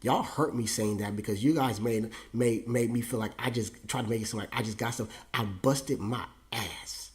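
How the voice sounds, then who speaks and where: Man in his forties, lowish voice, pastor storytelling, emotional with sudden high leaps. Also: moderate pace, hardly any pauses. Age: 40s. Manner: emotional, repeats himself, voice rises high when moved. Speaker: pastor and show host. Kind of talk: personal storytelling monologue.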